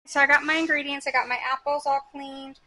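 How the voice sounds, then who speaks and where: A woman's voice: high-pitched, flat delivery, fairly quick, bright, forceful tone. A woman in her forties hosting a home cooking vlog, chatting in a bubbly, rambling way and correcting herself as she goes.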